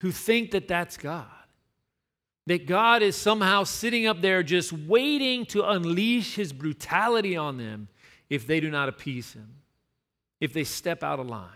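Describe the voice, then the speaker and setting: A pastor preaching a sermon in a relaxed, story-driven way, leaning on repeated words to make his point. He has a fairly high voice for a man, with a forceful, bright edge. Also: unhurried. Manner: conversational storytelling with emphatic repetition.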